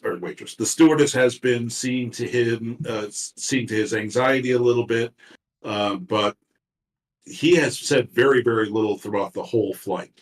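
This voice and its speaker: A man narrating a tabletop game as game master, talking haltingly with many fillers and restarts. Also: medium pitch. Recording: roomy echo, far from mic.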